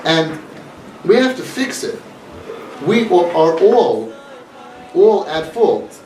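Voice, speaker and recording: An inspirational speaker with a rather high, slightly mellow male voice talks extremely slowly, his pitch swinging widely. He addresses an audience earnestly and emphatically, repeating his points. The mic is far off in an echoey room, with faint noise.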